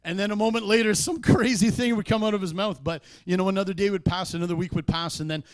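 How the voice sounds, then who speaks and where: A man's voice: high-pitched, fairly even intonation, quick pace, no room sound. Man preaching with emphatic bursts. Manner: conversational preaching with sudden loud emphatic peaks. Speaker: pastor. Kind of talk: sermon. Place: church.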